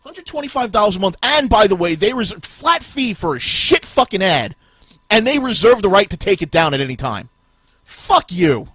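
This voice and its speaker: A man on a podcast, ranting in a rage and swearing at every turn. His voice sits high and swings widely from low growls to shouts. The tone is slightly husky and the sound is close and dry. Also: very animated, moderate pace, dry recording. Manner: furious, swearing, shouting bursts. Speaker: podcast host. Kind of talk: profane ranting podcast talk.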